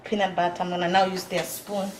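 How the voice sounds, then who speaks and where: A woman's voice: on the low side, level tone, quick pace. A woman, a mother of twins, chatting casually as she shows how she feeds her baby at home. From Africa. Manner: chatty, repeats "you see", laughs often. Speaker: mother of twin babies. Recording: roomy with faint noise.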